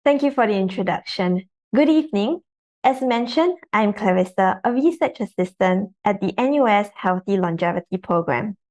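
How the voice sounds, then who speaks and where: A woman's voice: medium pitch, lively intonation, normal speed, a little mellow. A young woman, a research assistant, reading a scientific presentation in a careful, formal way.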